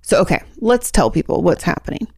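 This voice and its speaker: A woman's voice: fairly low pitch, very animated, brisk, darkish tone, breathy edge, dry recording, studio quality. A young adult woman co-hosting a podcast, chatting casually and rambling through stories with lots of fillers. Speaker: podcast co-host. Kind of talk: casual chat.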